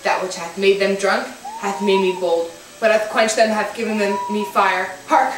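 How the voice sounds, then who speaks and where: A woman's voice: medium pitch, steady tone, normal speed, noisy background, natural voice. A woman playing a steely, scheming noblewoman, far and echoing. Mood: tense. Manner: firm, urging, commanding. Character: scheming, commanding noblewoman, cold and resolute. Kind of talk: stage acting of verse drama. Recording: echoey room, voice far from mic, faint music.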